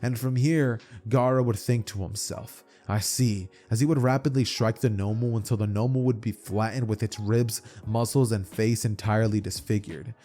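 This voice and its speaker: A man's voice: on the low side, fairly even intonation, normal speed, few pauses, mellow, faint music behind. A man telling an imagined fan story in a loose, run-on way, often restarting his phrases. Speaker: narrator. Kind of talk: casual fan-fiction storytelling.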